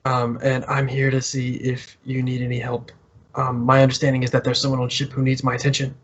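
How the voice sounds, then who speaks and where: A man voicing a small, thin, balding male doctor who speaks calmly and politely, with a measured bedside manner. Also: medium pitch, dull audio, lightly acted.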